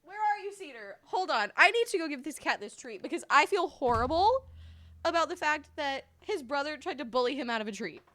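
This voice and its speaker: A woman with a very high, bright voice chats casually on a livestream. Her pitch swings widely as she coaxes and scolds her cats, then rattles off greetings to her viewers. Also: very animated, a little fast. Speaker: streamer.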